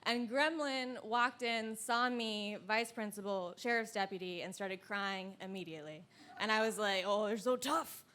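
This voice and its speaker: A woman in her thirties telling a true story live, with wry, deadpan comic asides. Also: medium pitch, normal speed.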